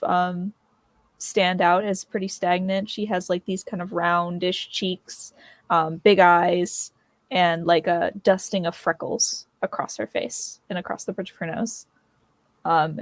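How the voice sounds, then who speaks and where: A woman describing her tabletop game character slowly, with many ums and likes. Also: on the low side, no room sound. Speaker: player.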